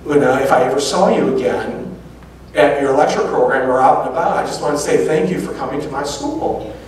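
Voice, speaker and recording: A man's voice: mid-range voice, brisk, recorded from a distance, slight background noise. Man telling a story in an echoey hall. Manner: animated anecdotes with quoted dialogue. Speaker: public speaker. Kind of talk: storytelling lecture. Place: large auditorium.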